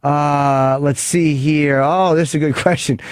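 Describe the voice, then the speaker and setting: A male radio host fields callers in loose, crude chat that keeps cutting itself off. His voice sits a little high. The studio sound is close and dry, with no room in it. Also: steady tone, a little slow, dry recording. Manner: rambling, self-interrupting, crude. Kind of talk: casual radio talk taking calls. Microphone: studio microphone.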